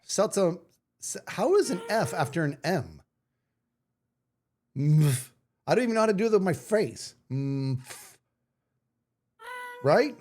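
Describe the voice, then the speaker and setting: A man's voice: high-pitched, sing-song, takes it slowly, long pauses, a little mellow. A man streaming live, chatting casually with his viewers in a playful, self-mocking way. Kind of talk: casual livestream chat.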